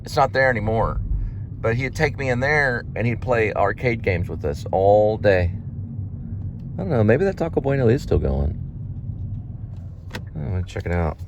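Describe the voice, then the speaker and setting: Deep-voiced guy vlogging from his car, wanders off mid-thought, faint road hiss. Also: big pitch swings, normal speed, gravelly, pauses often. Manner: meandering, reminiscing, trailing off. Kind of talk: rambling driving vlog.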